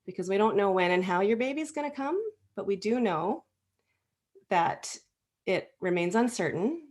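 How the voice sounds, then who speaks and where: A woman's voice: mid-range voice, animated, normal speed, darkish tone. A woman who works as an acupuncturist gives an informal educational talk on stress and fertility, speaking earnestly and conversationally with frequent fillers and restarts. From Canada. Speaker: acupuncturist and clinic co-owner giving a health talk. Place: indoors, presenting slides.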